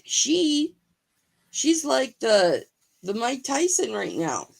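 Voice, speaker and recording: A woman's voice: high voice, very animated, slow, creaky. A woman guest on a casual livestream chat, talkative and keen on boxing. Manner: talkative, enthusiastic about boxing.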